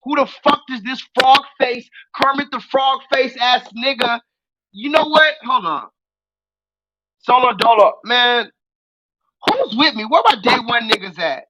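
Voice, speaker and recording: A young adult man hosting a live call-in stream, ranting loudly and profanely at the chat and mocking his target. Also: extremely high pitch, a little slow, a little hiss or hum, low-quality recording. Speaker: livestream host.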